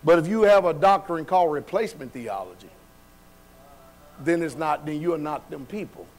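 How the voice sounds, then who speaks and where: A man's voice: a little high, animated, normal speed. A man preaching a sermon in a church hall, colloquial and loose, firing questions at the congregation and laughing between points. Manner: call-and-response preaching, asks the congregation questions.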